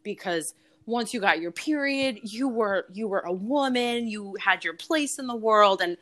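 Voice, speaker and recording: A woman's voice: medium pitch, animated, measured pace, a bit bright, dry recording. A woman in her forties, talking as an interview guest and telling personal stories in a candid, frank way, swearing freely and laughing often. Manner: candid, frank and profane, with frequent laughs and fillers. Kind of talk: casual interview storytelling.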